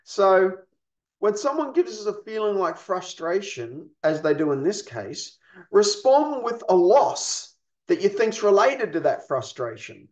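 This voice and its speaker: A man's voice: high voice, big pitch swings, measured pace, a little mellow. A man giving a recorded training lesson on pastoral care, explaining patiently and asking rhetorical questions. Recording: echoey, dull lo-fi.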